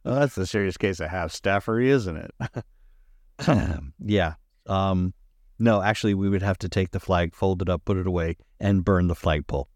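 A man with a lowish voice tosses out quick wisecracks and laughs easily in loose podcast banter. His talk is relaxed and playful. The sound is dry and close to the mic. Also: dry recording. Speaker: podcast co-host. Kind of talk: casual comedic banter.

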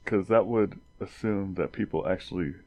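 A man's voice: low-pitched, normal speed, dark tone. A man in casual chat, arguing his point with stumbling restarts.

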